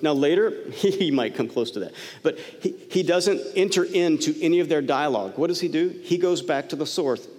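A man preaching a sermon as pastor, conversational, with sudden soft drops and emphatic rises. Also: on the high side, lively intonation, normal speed. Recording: hall reverb.

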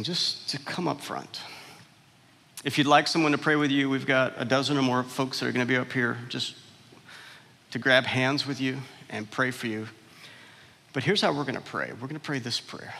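A man's voice: mid-range voice, creaky, sharp tone. Emphatic male pastor preaching in a hall. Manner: emphatic, builds repeated phrases. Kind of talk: sermon. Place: church hall. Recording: long reverb of a large hall.

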